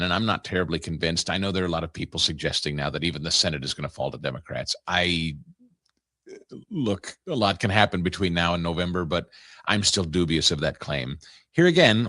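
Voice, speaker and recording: A man's voice: sits low, fairly bright tone, no room sound, clean studio sound. A man hosting a political talk show, delivering opinionated commentary in a sarcastic, incredulous way.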